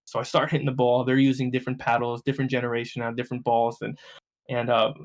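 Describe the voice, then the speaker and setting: A man's voice: mid-range voice, quick pace. A young man, a podcast guest telling stories casually, swearing freely and acting out the voices of people he quotes. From New Jersey. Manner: profane, animated, acts out quoted voices. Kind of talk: casual storytelling.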